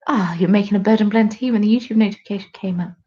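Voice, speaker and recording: In this casual live-stream chat, a woman with a mid-range, dark-toned voice races along while knitting at home and reading out viewer comments on her podcast. The recording's highs are cut off.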